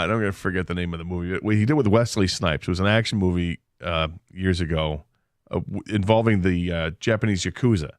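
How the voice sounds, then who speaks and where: Low-voiced male radio co-host, laughing. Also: no room sound, studio quality. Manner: laughs often, rambling storyteller. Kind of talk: casual sports radio chat. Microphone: studio microphone.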